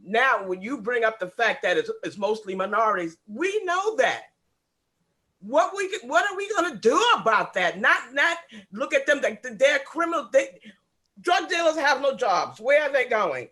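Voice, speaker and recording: Upset, high-voiced man pleading. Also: very animated, moderate pace, pushed and bright. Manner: emotional, insistent, repeats himself. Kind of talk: impassioned remarks at an online meeting.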